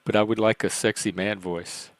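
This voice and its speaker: A man's voice: on the low side, fairly even intonation, normal speed, no room sound. A man hosting a live stream in casual chat, rambling and self-mocking with frequent laughs and a light, youthful-sounding voice.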